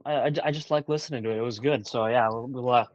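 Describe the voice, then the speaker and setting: A man's voice: mid-range voice, fast, dry recording. Hesitant young male guest, dull sound. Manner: hesitant, many fillers and restarts. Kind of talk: casual interview chat.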